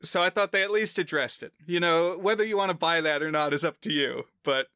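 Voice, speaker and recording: Man, bright tone, smooth clear voice, dry close mic, casual rambling podcast chat. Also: fairly high pitch, a little fast, no echo. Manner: rambling, filler-heavy explaining. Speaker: podcast co-host.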